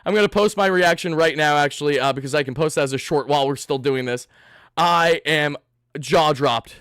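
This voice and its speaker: Young new guy on a postgame stream, high bright voice, dry sound, super hyped and yelling. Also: a little fast, smooth, dry recording. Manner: hyped, loud, shouting and thanking donors. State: sweaty and worked up. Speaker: host of a fan live stream. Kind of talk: excited postgame livestream chat.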